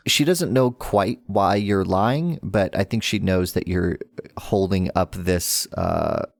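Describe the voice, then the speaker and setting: A game master running a tabletop game with animated, often laughing narration. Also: low voice, slow, creaky, no room sound.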